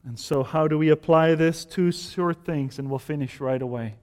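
A male preacher delivers a fervent sermon, his voice sitting high for a man. He swells into loud, emphatic appeals and then drops back to calm teaching. The sound carries a long reverb, as in a large hall. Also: normal speed.

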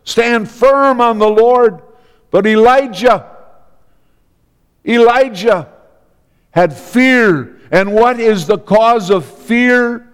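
A man preaching a sermon, slow and emphatic, with dramatic pauses and repeated phrases. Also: extremely high pitch, clear, resonant tone, long reverb tail.

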